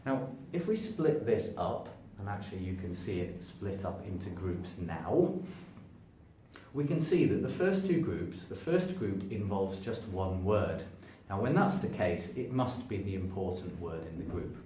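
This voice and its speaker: Standing in front of a sign, a man gives an English pronunciation lesson to camera at a measured pace, drawing out and stressing words with lively shifts in pitch. He steps closer to and farther from a distant camera, and the echoey room leaves his voice remote against faint noise.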